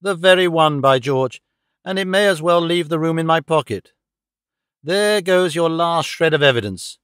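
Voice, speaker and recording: A man with a highish, expressive voice that is fairly bright, clear and resonant speaks at normal speed in a studio-quality, echo-free recording. He voices a cold, gloating middle-aged male villain who sneers at, mocks and menaces his dying victim, in a menacing mood.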